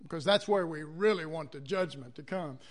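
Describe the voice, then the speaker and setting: A man's voice: fairly high pitch, moderate pace. A man preaching a sermon, acting out quoted voices and calling for amens from the congregation.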